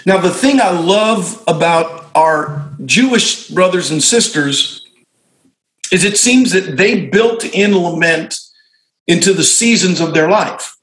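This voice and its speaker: A man's voice: sits high, expressive, takes it slowly, fairly bright tone, reverberant, poor audio. A middle-aged male pastor telling stories in a reflective conversation, often restarting and correcting himself. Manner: reflective storytelling with frequent restarts and self-corrections. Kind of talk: conversational discussion among fellow pastors.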